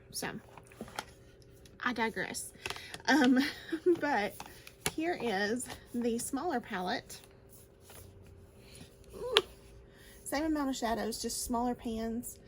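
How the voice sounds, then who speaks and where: A woman with a fairly high voice chats her way through a makeup tutorial, gushing over each shade and laughing easily. A faint hiss sits behind her voice. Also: slow, long pauses. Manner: chatty and gushing, laughs often. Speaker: beauty vlogger. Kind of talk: casual makeup tutorial chat.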